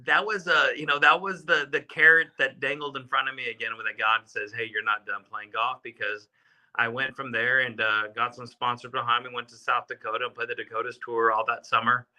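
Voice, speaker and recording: Bright-voiced man telling golf stories. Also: mid-range voice, flat delivery, fairly quick. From South Texas. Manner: rambling, many restarts and fillers. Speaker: podcast guest, golfer. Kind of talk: casual storytelling.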